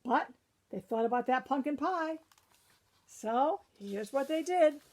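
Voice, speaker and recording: A woman's voice: sits high, expressive, slow pace, a little mellow. A woman librarian reading a picture book aloud to children, breaking off for chatty asides to her young listeners.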